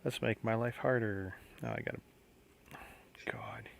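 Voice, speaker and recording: A man's voice: fairly low pitch, sing-song, a little slow, creaky. A man hosting a casual livestream, chatting and musing aloud as he builds a model kit. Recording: faint background noise.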